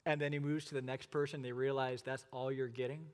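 A middle-aged male pastor preaching a sermon, asking rhetorical questions and pausing for effect. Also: medium pitch, level tone, clear, resonant tone, big-room sound. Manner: expository preaching with rhetorical questions and dramatic pauses.

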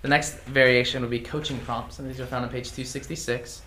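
A man's voice: mid-range voice, level tone, a little fast, pushed and bright. Chuckling man teaching in an echoey room. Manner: chuckles often, reads examples aloud. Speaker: teacher leading a class. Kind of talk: casual classroom teaching. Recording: echoey room with faint noise.

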